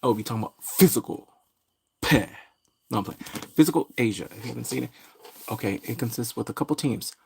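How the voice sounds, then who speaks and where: A man's voice: medium pitch, brisk, vocal fry, pauses often, slightly rough. A man talking casually about a TV show as a playful, jokey pop culture vlogger. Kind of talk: casual commentary.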